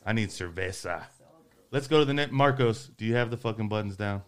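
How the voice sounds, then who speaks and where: A man's voice: on the low side, fairly quick, smooth. A man co-hosting a podcast, joking bluntly and swearing while playing cards. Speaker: podcast co-host. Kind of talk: casual chat, card game commentary.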